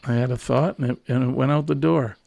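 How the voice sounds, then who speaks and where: A man's voice: mid-range voice, steady tone, quick pace, creaky, warm tone, no echo. A middle-aged man hosting a casual morning chat show, rambling and jokey. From New England. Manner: rambling, jokey, easily amused. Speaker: host.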